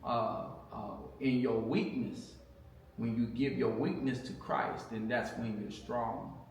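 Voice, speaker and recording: Middle-aged guy telling his story, lots of "you know", gets loud quoting himself, echoey room far from the mic. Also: medium pitch, takes it slowly, vocal fry, slight background noise. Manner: animated storytelling, many fillers and repeats, bursts louder when quoting himself. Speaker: guest sharing marriage testimony. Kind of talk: casual testimony chat.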